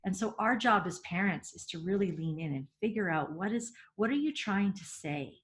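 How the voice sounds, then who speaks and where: A middle-aged woman gives parenting advice in a webinar, earnest and emphatic. She laughs easily, doubles back on her words, and keeps her pitch in a middle range. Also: animated, moderate pace.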